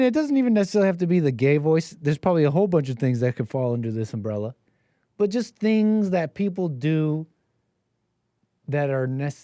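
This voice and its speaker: Man host rambling and mocking, kinda high voice, dead dry mic. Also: dark tone, no room sound. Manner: rambling, mocking, restarts often. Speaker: call-in show host. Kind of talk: casual commentary.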